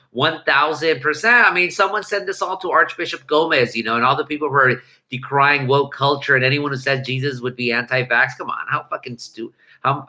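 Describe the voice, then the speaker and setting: A man's voice: mid-range voice, pushed and bright. A man hosting a livestream, chatting casually and irreverently with viewers, swearing often and rambling through restarts. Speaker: livestream host.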